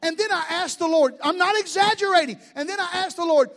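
A man. He keeps the sermon lively with jokes, asides and stumbling restarts. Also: very high voice, brisk. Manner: animated, joking storyteller with many restarts. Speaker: pastor.

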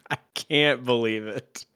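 A man's voice: medium pitch, very slow, pushed and bright, smooth. A man co-hosting a podcast in casual comedic chat, tossing in wry quips and laughing easily. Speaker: podcast co-host.

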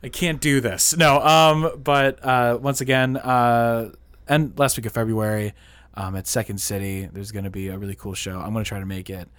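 A man's voice: on the low side, flat delivery, moderate pace, a bit bright, clean tone, dry recording. A man hosting a podcast in loose, joking casual chat, laughing easily. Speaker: podcast host.

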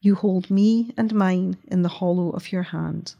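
A woman voicing a distressed, weary noblewoman who speaks low, with a moan in her voice, in a read-aloud story. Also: a little slow, gravelly, warm tone, muffled recording. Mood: anguished. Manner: low and moaning.

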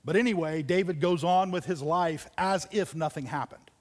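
Man preaching in an echoing church hall. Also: a little high. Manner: storytelling, dramatic pauses, drops to near whispers. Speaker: pastor. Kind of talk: sermon. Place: church auditorium.

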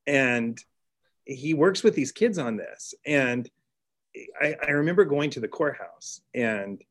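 A middle-aged man from Texas, a teacher telling a classroom story in an interview, earnest, with restarts and excited bursts. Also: mid-range voice, slow. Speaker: teacher and author guest. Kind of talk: storytelling in conversation.

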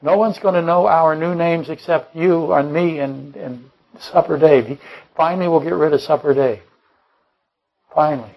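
A man's voice: on the high side, normal speed, creaky, highs cut off. A man preaching a Bible-study sermon, rambling and correcting himself mid-sentence, firing off rhetorical questions and dropping joking asides. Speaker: pastor.

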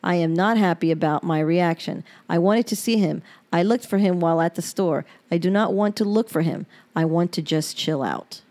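A woman's voice: fairly low pitch, normal speed, few pauses, a little mellow. A woman podcast host reading her personal diary entries aloud, frank and emotional and given to swearing.

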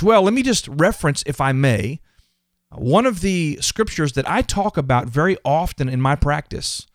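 A man's voice: a little high, expressive, moderate pace, no room sound. Earnest, emphatic man, dry sound. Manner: earnest and emphatic, often repeats words. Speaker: podcast host. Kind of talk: motivational faith podcast talk.

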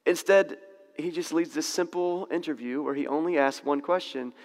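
A man teaching a Bible passage in a relaxed, conversational way, correcting himself and laughing in asides. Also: a little high, moderate pace, long reverb tail.

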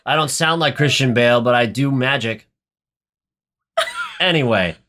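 A man's voice: mid-range voice, normal speed, sharp tone. Crude joking young man recapping a film. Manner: crude, joking, rambling retelling with many fillers. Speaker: podcast co-host. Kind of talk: casual movie recap chat.

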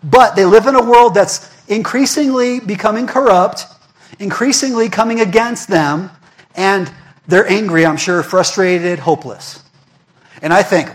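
A young man with a high voice preaches a sermon in a loose, conversational way. He puts questions to the congregation and repeats key words for emphasis. His delivery is emphatic and full of restarts. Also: unhurried. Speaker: pastor.

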